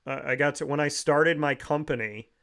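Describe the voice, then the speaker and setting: Guy hosting a talk show, reminiscing heartfelt, keeps restarting sentences, smooth resonant voice. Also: a little high, moderate pace, fairly bright tone. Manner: rambling storyteller with frequent restarts.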